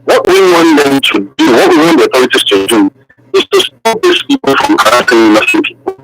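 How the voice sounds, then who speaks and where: A man's voice: medium pitch, huge pitch swings, brisk, gravelly, over music. A man with a Nigerian accent calling a radio show, pressing his points emphatically and repeating them, heard over a phone line. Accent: Nigerian English. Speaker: caller. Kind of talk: call-in radio comment.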